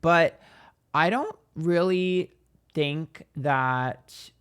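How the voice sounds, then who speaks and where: A man's voice: fairly high pitch, extremely slow, a bit bright, clear, resonant tone. A man giving a casual psychic tarot reading, rambling and hesitant, turning emphatic and profane.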